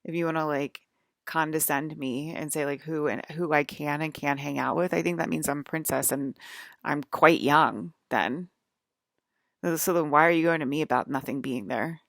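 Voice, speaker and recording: A woman's voice: sits low, normal speed, vocal fry, no room sound, clean studio sound. A woman rambling in an agitated monologue to her viewers, full of "like" fillers and swearing. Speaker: vlogger.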